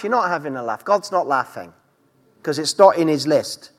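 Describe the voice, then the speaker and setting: A man's voice: a little high, expressive, normal speed. A man preaching a sermon as pastor, with emphatic delivery that rises and falls. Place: church. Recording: church hall reverb.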